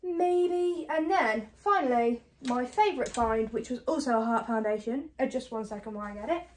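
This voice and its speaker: A woman from the UK chatting casually to camera about her thrift finds, fast and self-deprecating, a bit out of breath. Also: fairly high pitch, a little hiss or hum. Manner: chatty and self-deprecating, talks fast with many ums and likes. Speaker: reseller vlogger. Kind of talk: casual haul chat to camera.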